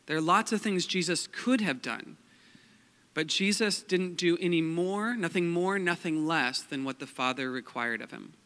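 Young man, pastor, chatty joking sermon, fillers, bright voice, echoing church hall. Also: fairly high pitch, moderate pace. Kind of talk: casual sermon. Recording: long hall reverb.

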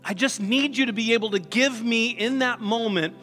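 Bright high-voiced male pastor. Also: normal speed, big-room sound, soft background music. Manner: conversational, sarcastic asides, acts out voices. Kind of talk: sermon.

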